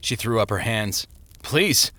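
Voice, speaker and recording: Guy reading a story out loud, expressive, mid pitch. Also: normal speed, dry recording. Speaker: narrator. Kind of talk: audiobook narration.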